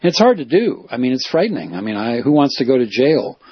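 A man's voice: mid-range voice, sing-song, quick pace, husky, dull audio. A man, a reporter and activist, talking in a rambling, self-correcting way as he recounts and explains. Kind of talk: casual spoken monologue.

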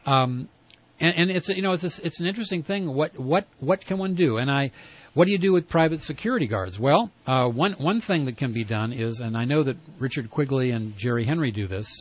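Man, talk host, mid-pitched, halting and rambling, muffled lo-fi sound. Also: lively intonation. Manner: rambling, halting, with many restarts. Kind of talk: casual conversational interview.

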